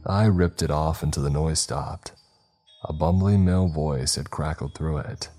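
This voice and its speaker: A man steadily narrating a first-person horror story in a measured, scripted style. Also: very deep voice, mellow, slightly rough, faint music behind.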